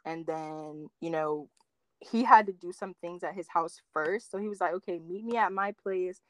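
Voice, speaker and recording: A young woman telling dating stories in casual chat, full of "like" fillers and quoting others with big jumps in pitch. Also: no room sound. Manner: animated storyteller, acts out quotes with big pitch jumps, many "like" fillers.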